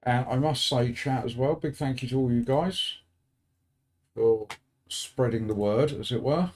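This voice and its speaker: A man's voice: medium pitch, a little slow, darkish tone. A British man chatting casually with his live stream audience as a sim racing streamer, dropping dry joking asides.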